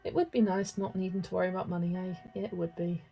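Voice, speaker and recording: A young woman, chatting casually and excitably while colouring and answering comments, with music playing softly behind her. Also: on the low side, fast talker, creaky, rough recording. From England. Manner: chatty, excitable, laughs often. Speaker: colouring livestreamer.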